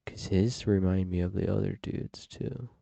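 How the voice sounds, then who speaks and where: A man's voice: sits low, fairly even intonation, normal speed, vocal fry, warm tone, no echo. A man streaming live, tossing out mumbled, offhand asides as he reacts to a video. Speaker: livestream host. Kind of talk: casual reaction commentary.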